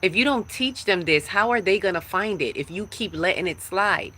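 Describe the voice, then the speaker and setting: Brief: woman spiritual teacher on a live stream, forceful bright voice, preachy and emphatic. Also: medium pitch, expressive, moderate pace.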